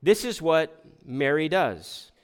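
A man's voice: on the high side, sing-song, takes it slowly, clean tone. A man preaching a sermon as pastor, talking in a conversational way, asking the congregation rhetorical questions and often restarting his words.

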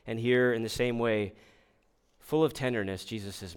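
A man's voice: mid-range voice, fairly even intonation, moderate pace, clean tone. A man preaching a sermon as pastor, talking in a conversational way, asking the congregation rhetorical questions and often restarting his words.

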